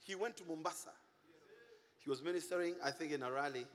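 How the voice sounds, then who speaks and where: A middle-aged man from Kenya, a pastor preaching a sermon, animated, with singsong shouts and laughing asides to the congregation. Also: on the high side, quick pace, long reverb tail, slight background noise.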